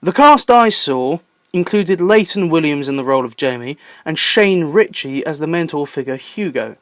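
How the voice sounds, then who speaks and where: Excitable young Southern English man. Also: on the high side, moderate pace, no room sound, studio quality. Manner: playful, excitable asides. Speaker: YouTube host. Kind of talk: enthusiastic list-video narration.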